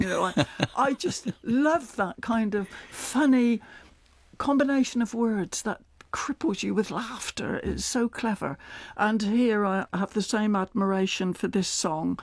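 A man's voice: high-pitched, unhurried, gravelly, dry recording. An older man with a West Country accent, chatting as a radio interview guest and laughing often as he tells stories. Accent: West Country English.

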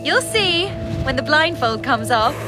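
A scheming, sweetly menacing woman in a radio play, high-pitched and lilting. She gloats over her victim. Music plays underneath. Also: expressive, a little slow. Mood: coaxing. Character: scheming woman, mocking, cruel hostess. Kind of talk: radio drama acting.

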